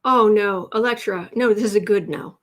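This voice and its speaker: A woman with a medium-pitched voice, speaking at normal speed, hosts a live tarot stream and reads viewer comments aloud. She's chatty and emotional, sometimes teary, and restarts her sentences many times.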